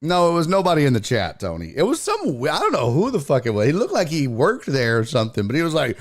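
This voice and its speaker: A man's voice: fast, hardly any pauses. A man hosting a sports podcast livestream, chatting loosely with viewers, cursing freely and greeting them by name. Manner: loose, profane, shouts out chat viewers by name; lively, jumpy pitch when retelling. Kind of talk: casual livestream chat.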